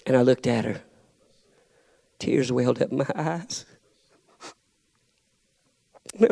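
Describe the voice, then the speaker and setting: A middle-aged man, preaching a sermon, telling a family story and building up to shouted challenges. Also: mid-range voice, lively intonation, takes it slowly, creaky, pauses often.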